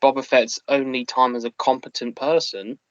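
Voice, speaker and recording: A man's voice: mid-range voice, level tone, normal speed, dry recording, dull audio. A man in casual review chat, rambling and hesitant with many fillers. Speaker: podcast co-host.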